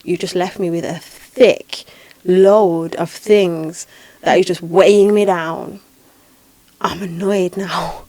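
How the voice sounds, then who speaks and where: A woman hosting a podcast, telling a spiritual experience in a lively, dramatic way with repeated phrases. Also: fairly low pitch, slow pace, no echo. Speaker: podcast host and spiritual healer. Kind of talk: casual podcast storytelling.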